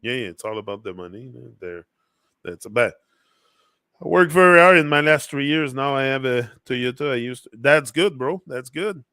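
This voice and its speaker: A man with a French accent talks loosely about focus and the heart, reading viewer comments aloud as he goes. His voice is bright and forward, in a mid register. The sound is dry and close, with no room around it. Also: medium pitch, lively intonation, normal speed, smooth, no room sound. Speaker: motivational livestream host. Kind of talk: casual motivational chat.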